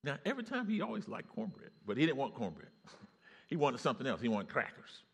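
A man preaching a sermon, telling stories and rising to loud exclamations. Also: medium pitch, big pitch swings, quick pace, gravelly, husky.

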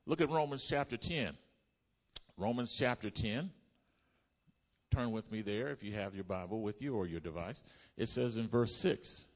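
A pastor preaching a sermon to his congregation, asking them to repeat lines back and building up to loud exclamations. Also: fairly low pitch, lively intonation, moderate pace, pauses often. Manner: call-and-response preaching, builds to shouts. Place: church.

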